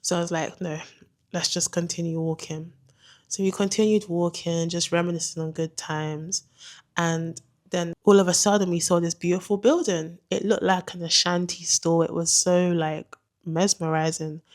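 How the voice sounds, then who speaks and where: A young woman telling a dramatic story in an animated, slangy way. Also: on the low side, moderate pace. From England. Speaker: vlogger. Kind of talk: storytime narration.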